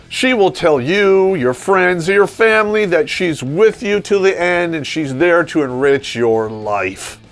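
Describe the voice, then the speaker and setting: Male vlog host, crude sarcastic rant with laughing asides, animated pitch, music bed. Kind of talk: ranting comedic monologue.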